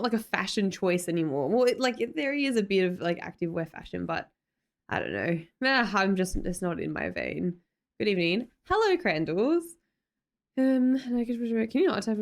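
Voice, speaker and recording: Chatty Australian woman streamer. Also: mid-range voice. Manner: chatty and giggly, with frequent fillers and self-corrections. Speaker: livestream host. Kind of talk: casual chat reading viewer comments.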